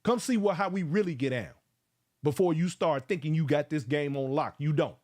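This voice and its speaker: Fired-up guy on a livestream, kinda high voice, preachy, shouting folks out. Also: a little fast. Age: around 50. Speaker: livestream host. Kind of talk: casual livestream talk.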